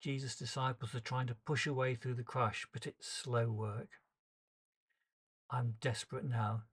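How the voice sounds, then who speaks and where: Male storyteller, mid-pitched, earnest and emotional in a first-person dramatic monologue. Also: little pitch movement, unhurried, fairly bright tone, husky. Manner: earnest, emotional, shifts pace with the tension.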